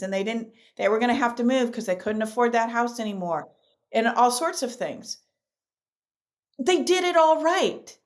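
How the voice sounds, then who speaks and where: Middle-aged woman, podcast guest, slightly raised pitch, emphatic animated storyteller. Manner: emphatic, repeats key phrases. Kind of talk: podcast interview.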